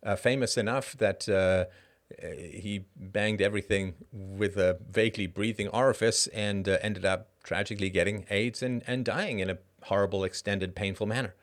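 A middle-aged man hosting a casual solo monologue, animated and rhetorical, with short laughs and frequent asides of "right?". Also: fairly low pitch, moderate pace, hardly any pauses. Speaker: podcast host.

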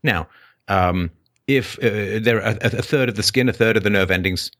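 Speaking at normal speed, the man hosting this call-in program argues with a caller, interrupting and lecturing forcefully while his pitch jumps up on key points.

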